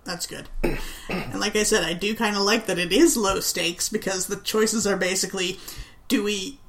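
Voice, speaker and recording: A woman talks on a casual podcast in a mid-range voice. She recounts things in a relaxed, chatty way and laughs easily. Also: medium pitch, moderate pace. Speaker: podcast co-host. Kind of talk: casual chat.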